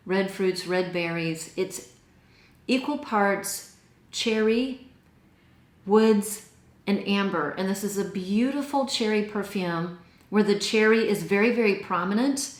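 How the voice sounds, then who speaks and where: A woman from Texas, speaking with a Texan accent in a mid-range voice, casually reviews perfumes. She's chatty and enthusiastic, gushing over the scents, and the recording is reverberant.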